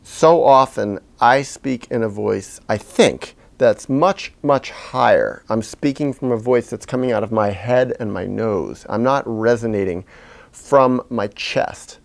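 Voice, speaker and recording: A man talking slowly and haltingly to his camera, deliberately pitching his voice low from the chest while he reflects out loud. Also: creaky. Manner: slow, halting and self-searching, deliberately speaking low from the chest. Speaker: video blogger. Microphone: camera he is sitting in front of.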